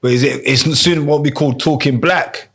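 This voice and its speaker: A man's voice: mid-range voice, normal speed, gravelly. A man, a podcast guest in casual chat, who talks animatedly and acts out other people's voices.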